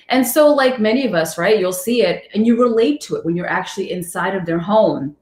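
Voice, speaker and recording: A woman reporter chats as a podcast guest, and her stories come out animated, with quick jumps to a high voice when she quotes people. Her voice has a middle pitch for a woman. The room around her is echoey. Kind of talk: casual interview talk.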